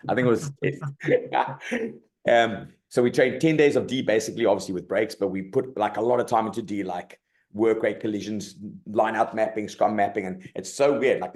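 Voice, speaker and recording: A middle-aged South African rugby coach tells stories in a casual interview, loose and colloquial, sprinkling in "mate" and "like". His voice sits low, mellow and dark, and he speaks with animated energy.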